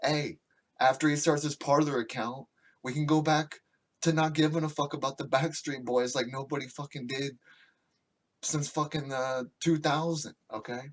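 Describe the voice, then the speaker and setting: A man's voice: a little high, fairly even intonation, normal speed. Profane ranting man on a podcast. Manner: crude, profane, mocking, ranting. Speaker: podcast host. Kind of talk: casual podcast rant.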